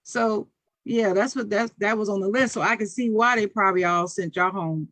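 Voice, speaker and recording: A podcast co-host explaining things in a calm, casual way. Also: mid-range voice, moderate pace, no room sound. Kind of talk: casual chat.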